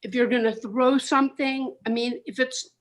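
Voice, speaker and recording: A woman's voice: high-pitched, steady tone, normal speed. A woman comedian opening an online stand-up set from home, bubbly, chatty and playfully sweet with the crowd.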